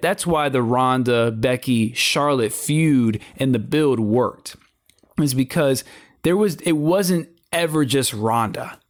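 A man on a wrestling discussion panel, talking casually and with energy, often stumbling and repeating words as he builds his point. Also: mid-range voice. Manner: animated, repeats words when excited, slangy.

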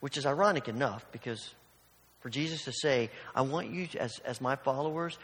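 A man's voice: mid-range voice, fairly quick, a bit bright, long reverb tail. A man preaching a sermon in a conversational, storytelling way, acting out the voices in his stories. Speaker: pastor.

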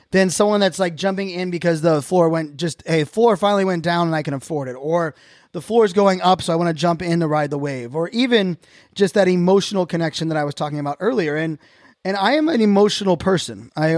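A man with a notably high voice delivers a casual podcast monologue. He speaks earnestly and reflectively, often restarting his sentences as he thinks aloud. The sound is dry and close, with no room echo. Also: darkish tone. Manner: earnest, openly reflective, talks in loose restarts. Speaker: podcast host.

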